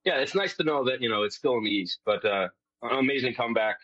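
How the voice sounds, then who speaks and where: A man's voice: medium pitch, fast, a bit bright, dry recording, lo-fi sound. A man from New York talking on a remote link, rambling with many restarts and fillers. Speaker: guest, TV series host. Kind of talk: casual interview chat.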